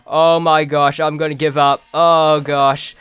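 A man narrating his own gameplay in an exasperated running commentary, often begging the game objects to cooperate. His speech is slow and unhurried, with a smooth, clear tone. The sound is dry and close, with no room echo. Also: fairly high pitch, flat delivery, fairly bright tone. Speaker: gaming video host. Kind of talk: let's play commentary.

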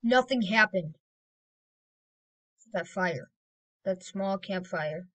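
A woman giving casual gameplay commentary as a video creator, rambling and excitable, with sudden loud exclamations. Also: mid-range voice, slow pace, low-quality recording.

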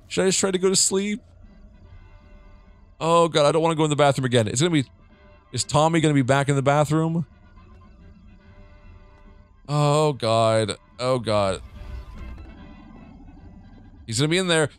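A man's voice: fairly high pitch, normal speed, pauses often, smooth, faint music behind. A young man narrating his play of a horror game, jumpy and jokey, swearing often and talking to himself. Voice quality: jittery, jokey, swears a lot. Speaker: gaming streamer.

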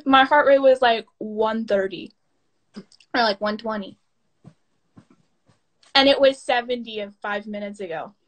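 A teenage girl chatting excitedly as a fan guest on a live stream, giddy and a little breathless. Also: on the high side, unhurried, long pauses. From United States. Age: teens. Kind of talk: excited casual chat.

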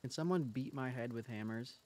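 A man's voice: medium pitch, a little fast, a little mellow. A young man streaming a game who chats casually with viewers, teasing and joking between plays. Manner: joking, teasing, chatty asides to chat while playing.

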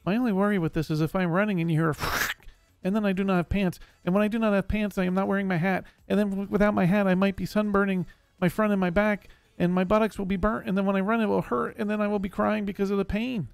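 A man voicing a gentle, simple-minded male barbarian warrior who talks slowly and formally, never using contractions, in a live game roleplay. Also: high voice, little pitch movement, vocal fry, clear, resonant tone, no echo, soft background music. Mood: earnest. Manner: speaks without contractions, childlike and earnest. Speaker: streamer.

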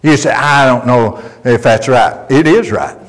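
A man's voice: medium pitch, unhurried. A male pastor preaching a sermon, telling folksy stories with emphatic delivery. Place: church sanctuary. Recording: long reverb of a church hall.

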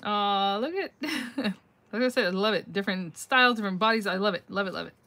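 A woman's voice: medium pitch, brisk, pushed and bright. A middle-aged woman hosting a casual live craft-mail reveal on her phone, chatty and gushing, thinking aloud and laughing often as she answers viewer comments.

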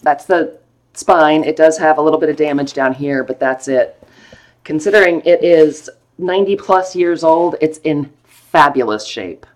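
This woman has a deep voice and talks at normal speed. She's hosting a vintage book sale on a live stream, keeping the chat casual and playful and raving about every book.

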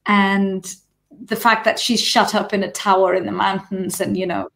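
A woman's voice: medium pitch, flat delivery, moderate pace, vocal fry, fairly bright tone. A woman joining an online discussion, talking about a story in a thoughtful, eager way with some hesitations. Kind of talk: conversational discussion.

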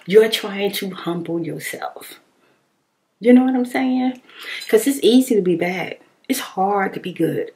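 A woman chatting casually on her vlog, expressive and informal, laughing often and slipping at times into a whisper. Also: mid-range voice, gravelly. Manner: informal, animated storytelling. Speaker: ASMR vlogger. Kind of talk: casual rambling chat reading viewer comments.

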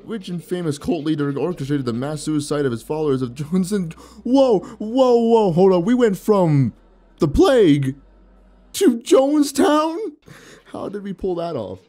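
A man's voice: sits high, big pitch swings, measured pace, dark tone. A young man with a sore mouth giving playful let's play commentary, joking, laughing often and reading game text aloud. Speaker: gaming YouTuber.

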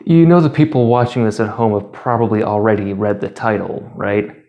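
A man hosting his own channel, delivering a commentary monologue with sarcastic, deadpan asides. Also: lowish voice, a little fast, highs cut off. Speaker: YouTube channel host.

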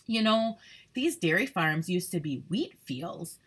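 A woman voicing a helpful female lupine flower in a storybook read-aloud, explaining things gently. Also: lowish voice, animated, a little slow, slightly rough, heavily acted. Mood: informative.

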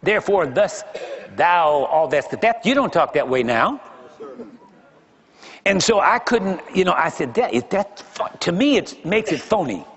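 A man's voice: high-pitched, big pitch swings, unhurried, a bit bright. An older man preaching as a pastor, talking conversationally and throwing rhetorical questions at the congregation. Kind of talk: sermon. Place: large church hall. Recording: dull lo-fi sermon recording with long hall reverb.

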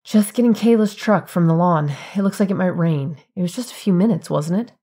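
A woman reading as a worn-out young mother at the end of her rope, low-voiced and clipped. Her lines come out sharp and exasperated. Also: brisk, husky. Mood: hurried.

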